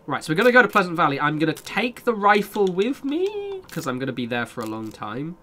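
A man's voice: a little high, wildly swooping pitch, a little fast, pushed and bright, a little hiss or hum. A young man casually commenting on a survival game as he plays, swearing and talking back to his chat. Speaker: streamer.

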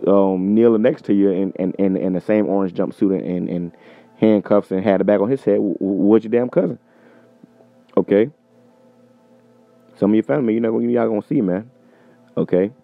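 A man delivers an informal, emphatic sermon, swearing freely and punctuating his points with "man". His voice sits fairly low. The sound is thin and phone-like, with faint music underneath. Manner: profane, emphatic, repeats "man". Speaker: preacher. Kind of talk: informal preaching with scripture reading.

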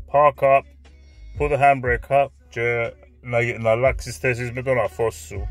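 A man in his forties spins a loose personal anecdote, with a medium-pitched voice. He swears freely and slips Greek phrases into his English. His delivery is chatty and unscripted. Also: steady tone, unhurried, faint music behind. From north London. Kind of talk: anecdotal storytelling.

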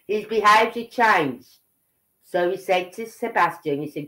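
Slow yet animated, with a medium pitch and a sharp tone, a middle-aged Birmingham woman gives casual livestream commentary in her Brummie accent. She chatters and rambles, forever tagging "right?" and "you know what I mean", on a low-quality recording.

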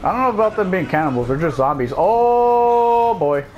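In a muffled recording, a man with a high, animated voice narrates a casual let's play at a moderate pace. His commentary runs on sarcastic jokes as he plays.

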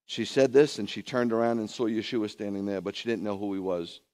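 A man, a rabbi, preaching a lively sermon full of rhetorical questions and conversational asides. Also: fairly low pitch, fairly quick, hardly any pauses.

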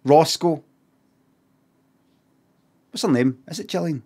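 A man's voice: fairly high pitch, takes it slowly, dark tone, slightly rough. A man with a Scottish accent chatting casually on a live stream, rambling and swearing, with sarcastic asides.

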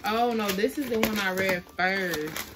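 A woman's voice: medium pitch, a little slow, music in the background. A young woman chatting casually to camera as a vlogger, often apologizing and talking to her baby while she looks through letters.

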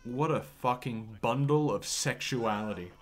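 A man's voice: medium pitch, unhurried. A man streaming a game, chatting casually with a wry, joking manner and easy laughs. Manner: wry, swears, laughs easily.

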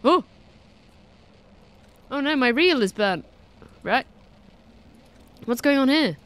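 With soft background music playing, a young woman speaks slowly in a high-pitched, animated voice that's a bit bright, clear and resonant. It's her first time playing the game, and her let's play commentary is full of laughs, nervous exclamations and easy scares.

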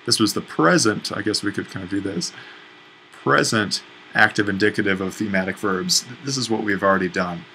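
A man's voice: lowish voice, normal speed, creaky, sharp tone, slight background noise, rough recording. A man teaching a language lesson at a whiteboard, explaining patiently and correcting himself as he writes. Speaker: Greek instructor.

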